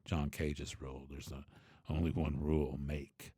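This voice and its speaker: A man who teaches bass, talking through his ideas in a loose, reflective way, with many asides and restarts. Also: level tone, a little slow, mellow, husky, dry recording, studio quality. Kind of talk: conversational teaching monologue.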